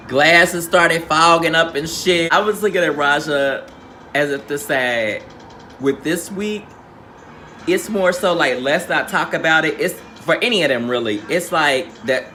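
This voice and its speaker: A man's voice: fairly high pitch, sharp tone. A man recapping a reality show in a sassy, slangy, theatrical storytelling manner. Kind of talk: casual recap commentary.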